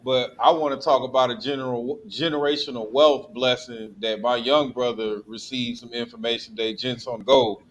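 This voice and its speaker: A man hosting a live panel call, giving brief affirmations and relaxed shout-outs. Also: mid-range voice, moderate pace, hardly any pauses, slight background noise, poor audio. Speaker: host. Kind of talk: casual panel chat.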